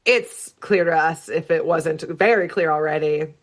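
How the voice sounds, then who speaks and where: Animated woman podcast host. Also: low voice, unhurried. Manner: animated storytelling with frequent laughs and "like". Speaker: podcast co-host recapping an episode. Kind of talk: casual chat.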